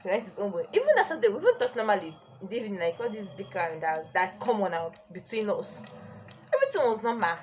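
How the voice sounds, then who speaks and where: A young woman telling a storytime on her vlog, chatty and animated with many "like"s. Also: mid-range voice, quick pace, slight background noise. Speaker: vlogger.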